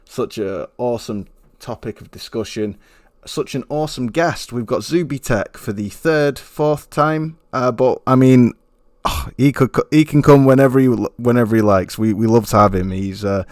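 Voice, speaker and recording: A man's voice: mid-range voice, normal speed, darkish tone, dry recording, studio quality. A man hosting a gaming podcast, hyped and slangy, with plenty of fillers. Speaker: podcast host. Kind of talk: casual podcast intro.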